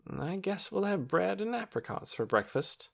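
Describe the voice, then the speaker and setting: A man voicing a tired, patient middle-aged woman doctor with a weary, gentle way of speaking in an audiobook. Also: high voice, big pitch swings, normal speed, vocal fry, pitched above the performer's own voice, full character voice. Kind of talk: audiobook character voice.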